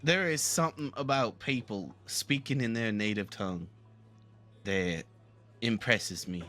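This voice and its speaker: A man playing a talkative southern gentleman from the bayou, with a Southern twang, rambling earnestly through a live game roleplay. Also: lowish voice, unhurried. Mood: reminiscing.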